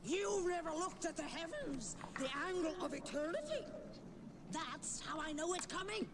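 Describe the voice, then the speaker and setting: A woman voicing an ancient female one-eyed creature who studies the stars, gruff and impatient, in film audio with noise behind. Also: extremely high pitch, lively intonation, normal speed. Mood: lecturing. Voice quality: gruff, scolding. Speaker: film character.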